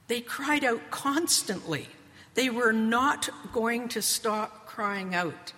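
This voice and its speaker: A woman preaching a sermon, speaking slowly and measuredly and reading scripture with emphasis. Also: on the high side, animated, bright, forceful tone. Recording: long hall reverb.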